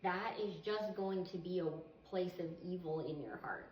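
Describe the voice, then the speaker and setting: A woman's voice: on the low side, normal speed, hardly any pauses, darkish tone, slight background noise. A woman reading Bible verses aloud and explaining them in an earnest, conversational teaching style. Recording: echoey, distant, slightly muffled.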